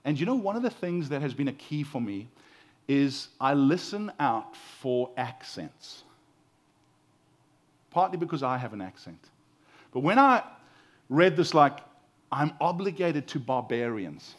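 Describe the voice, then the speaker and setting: This is a pastor in his forties delivering a sermon, his fairly high voice animated but a little slow. He tells stories conversationally and tends to repeat his opening words as he begins.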